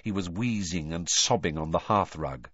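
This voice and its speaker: A man narrating a storybook in expressive, dramatic storytelling. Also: deep voice, normal speed, no room sound. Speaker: audiobook narrator. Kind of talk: scripted narration. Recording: dull dry lo-fi recording.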